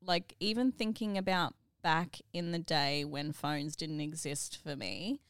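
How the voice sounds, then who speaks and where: A middle-aged woman co-hosting a podcast, telling stories in an animated, emotional way. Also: deep voice, measured pace, smooth, no room sound, studio quality. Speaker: podcast co-host. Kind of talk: casual chat.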